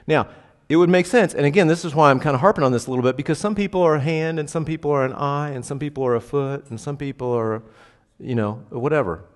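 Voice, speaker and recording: A man's voice: a little high, fast, few pauses. A man preaching a casual, conversational sermon, often checking in with the congregation and punching key words. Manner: casual, asks the congregation questions, emphatic bursts. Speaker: pastor. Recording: reverberant hall.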